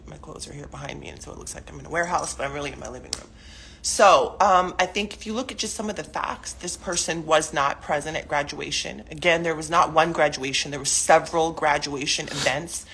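A woman's voice: low-pitched, a bit bright, a little hiss or hum. A woman in her forties speaking emotionally and at length in an unscripted live video from her living room, rambling with many fillers and restarts. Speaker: mother speaking out on social media. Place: living room at home, cluttered with clothes.

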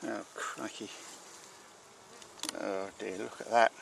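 Gravelly beekeeper man outdoors. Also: fairly low pitch, slow, background noise. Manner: chatty, talks to the bees, excitable exclamations. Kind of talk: casual narration while working a hive. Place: outdoors at a beehive. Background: buzzing bees.

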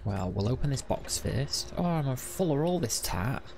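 A man's voice: medium pitch, expressive, normal speed, darkish tone, slight background noise. A man giving casual, wry let's-play commentary and chatting to the game. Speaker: gaming video host.

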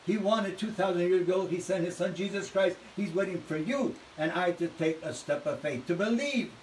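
A man preaching a sermon as pastor, swinging from hushed storytelling to loud, fervent exhortation. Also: sits high, moderate pace, distant mic, a little hiss or hum, poor audio.

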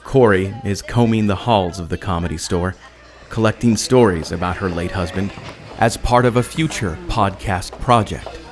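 A man giving measured, scripted documentary narration. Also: sits low. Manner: measured, reportorial.

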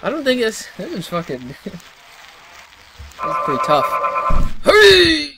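A young man giving excited let's-play commentary, yelping, shouting, laughing and swearing as he plays. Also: extremely high pitch, a little slow, creaky, very noisy. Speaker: gaming YouTuber.

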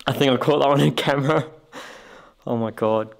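A man's voice: medium pitch, moderate pace, gravelly. Nervous guy ghost hunting in an old hospital basement, jumpy, echo all around. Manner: jittery, easily spooked. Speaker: paranormal investigator. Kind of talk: casual vlog narration. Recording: echoey room.

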